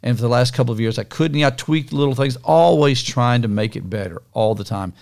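An older man with a gravelly edge co-hosts a casual podcast. His talk is folksy and teasing. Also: medium pitch, brisk, a little mellow. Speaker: podcast co-host.

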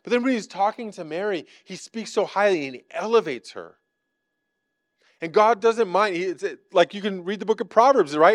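Male pastor, relaxed conversational sermon, somewhat high voice, dry close sound. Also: dry recording. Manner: casual, conversational preaching with many fillers; acts out quoted lines from scripture.

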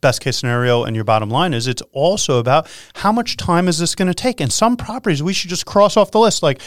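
Excitable male radio host. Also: a little high, no room sound, studio quality. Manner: energetic, animated, quick to laugh. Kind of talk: excited casual radio talk.

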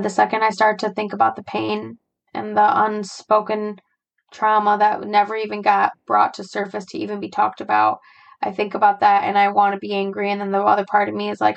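A young adult woman hosting a podcast, talking through her feelings in a halting, searching way, with frequent sighs and fillers. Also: mid-range voice, creaky, poor audio. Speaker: podcast host. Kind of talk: personal reflective monologue.

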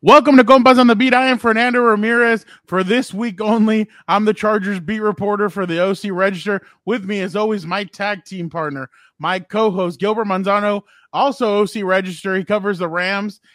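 A man's voice: high-pitched, steady tone, normal speed, few pauses, a bit bright, dry recording, studio quality. A man introducing a sports podcast and his co-host with announcer-like energy.

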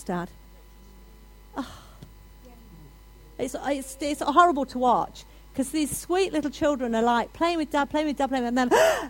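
High-voiced animated woman preacher. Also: rough recording. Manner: animated, rising to loud declarations. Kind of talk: sermon.

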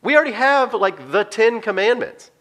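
Baffled disciples protest in high, excited, incredulous tones, as a male preacher puts them on. The voice goes up sharply and bright. They keep objecting as if they can't believe their ears. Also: normal speed.

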